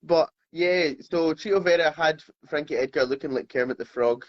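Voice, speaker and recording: A man co-hosting a casual talk podcast, easygoing and relaxed as he tells stories. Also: fairly high pitch, moderate pace. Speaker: podcast co-host. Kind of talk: casual chat. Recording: slightly dull lo-fi sound.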